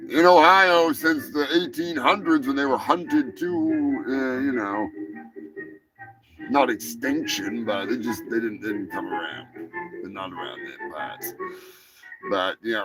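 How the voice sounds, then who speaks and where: A man's voice: mid-range voice, big pitch swings, unhurried, pushed and bright, soft background music. A man hosting a live comedy podcast, joking crudely and swearing a lot. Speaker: podcast host. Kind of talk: casual comedic live show.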